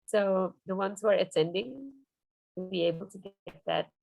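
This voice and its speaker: A woman trainer leading an online workshop on early foreign-language teaching, animated and showing her materials over a video call. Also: medium pitch, moderate pace, vocal fry, dry recording, poor audio. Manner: animated, demonstrative, shows props.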